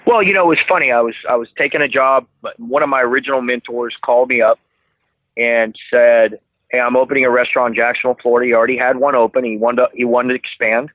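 A man's voice: medium pitch, fairly even intonation, fast, no room sound. A man telling stories as an interview guest, rambling with many restarts. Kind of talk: casual interview storytelling. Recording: dry tinny phone-like line.

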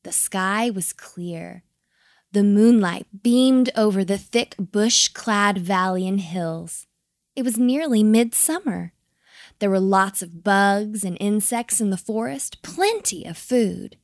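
A woman narrating a children's bedtime story, gentle and expressive. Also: mid-range voice, slow pace, no echo, clean studio sound.

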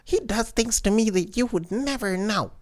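A man's voice: sits high, moderate pace, a little mellow, pitched above the performer's own voice, lightly acted. A man voicing a young woman who is an unfaithful wife and dreamily praises her lover. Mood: smitten.

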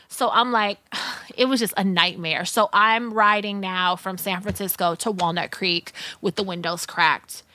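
Woman, bright, profane podcast storyteller, dry studio sound. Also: mid-range voice, dry recording. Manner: profane, animated storytelling with acted-out quotes. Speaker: podcast co-host telling a story. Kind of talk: casual storytelling chat.

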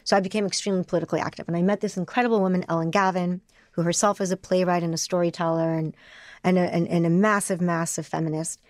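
A woman giving a candid interview, speaking emotionally in rapid bursts with frequent restarts. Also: on the low side, little pitch movement, dry recording. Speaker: interview guest.

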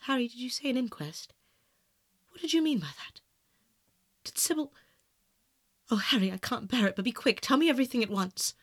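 A man's voice: high-pitched, quick pace, hardly any pauses, fairly bright tone, dry recording. A man reading aloud, voicing a passionate, self-absorbed young male aristocrat with earnest, pleading outbursts, in a dry, close sound. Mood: anguished. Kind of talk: audiobook narration.

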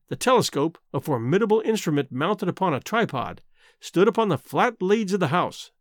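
A man reading a classic novel aloud in a measured, storytelling voice. His pitch rides fairly high and moves in lively arcs. The recording is close and dry, with no room sound. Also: dry recording. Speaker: audiobook narrator. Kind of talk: scripted narration.

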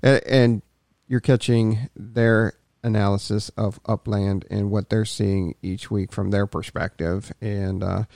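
A man's voice: on the low side, fairly even intonation, a little slow, vocal fry, a little mellow, no echo, clean studio sound. A man co-hosting a casual podcast chat, easygoing and laughing along. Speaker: podcast co-host.

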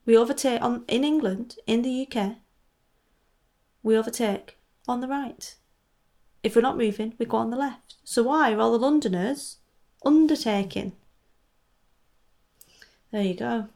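A woman's voice: on the high side, a little slow, pauses often, a little mellow. A woman hosting a casual knitting podcast, chatting in a rambling way with lots of asides. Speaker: podcast host. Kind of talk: casual solo podcast chat. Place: home in Scotland.

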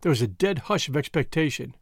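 A man reading a story aloud as narrator, in a measured storytelling manner. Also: a little high, lively intonation, slightly rough, dry recording, studio quality. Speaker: audiobook reader. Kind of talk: scripted narration.

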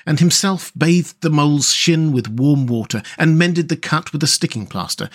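A man hosting a story podcast and narrating a classic children's novel in a measured, gentle read-aloud manner. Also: a little high. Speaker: host and storyteller.

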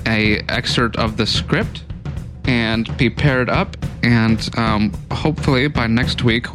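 A man co-hosting a podcast, casually and cheerfully announcing plans for the show. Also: mid-range voice. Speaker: podcast co-host. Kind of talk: casual chat.

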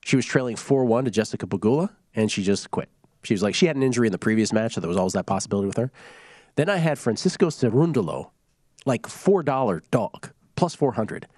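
A man hosting a sports betting show, telling jokes and stories in a casual, animated way. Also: mid-range voice, fast, no echo, clean studio sound. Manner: joking, animated storytelling.

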